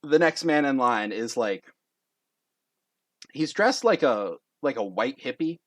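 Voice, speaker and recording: A man running a tabletop game, narrating casually with plenty of fillers. His voice is mid-pitched and lively in its ups and downs, and the recording is close and dry with no room sound. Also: slow, no echo. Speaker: game master.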